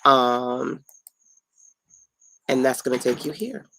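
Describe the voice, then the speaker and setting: A woman's voice: very deep voice, lively intonation, takes it slowly, a bit bright, dry recording, rough recording. A middle-aged woman, tired and playful, casually teaching viewers on a late-night home livestream. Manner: chatty and playful, talks to viewers and family mid-stream. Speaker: online business coach hosting a live stream.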